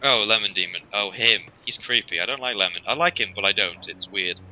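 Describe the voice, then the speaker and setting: Low-voiced man, bright sharp tone, rambling jokey let's-play host, faint music under. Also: a little fast, slight background noise, poor audio. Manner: rambling, joking, full of ums. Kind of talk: casual gameplay commentary.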